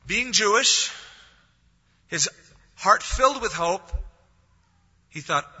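A man's voice: a little high, very animated, a little slow, long pauses, pushed and bright, breathy edge. A man preaching a sermon as pastor, telling a story and acting out the voices of the people in it. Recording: dull lo-fi audio, long hall reverb.

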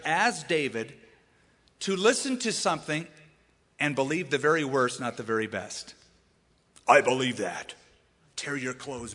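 A man preaching to his church, his voice bright and forceful with a slightly higher pitch than most men. He talks with animation and slips into the voices of the people in his stories. A long reverb trails behind him in the large sanctuary. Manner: animated, acts out quoted voices. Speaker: pastor. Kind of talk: sermon.

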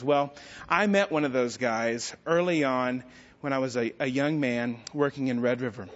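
A man's voice: mid-range voice, moderate pace. A middle-aged male pastor preaching a sermon, telling stories with self-deprecating humor. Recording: dull sound with long church-hall reverb.

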